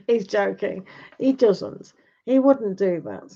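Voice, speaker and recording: Very slow and warm, her medium-pitched voice is still animated as she hosts a tarot stream and rambles casually with live viewers, often ending sentences with questions. The livestream sound is dull and lo-fi.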